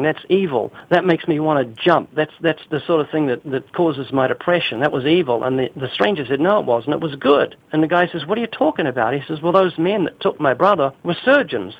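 A man with a New Zealand accent, a guest on a radio interview, telling stories in an earnest way. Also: a little high. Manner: earnest storytelling. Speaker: guest author. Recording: tinny phone line.

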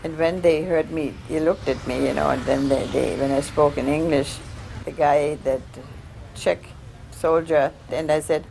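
An older woman, not an English speaker, telling her own wartime story in an earnest, halting way. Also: low-pitched, fairly even intonation, vocal fry, a little mellow, slight background noise, poor audio. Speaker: interviewee recounting wartime experiences. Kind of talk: personal oral-history storytelling.

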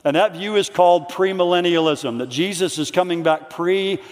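A man preaching a conference sermon in earnest, reading quotes slowly so they sink in. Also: high-pitched. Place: large hall. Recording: long hall reverb.

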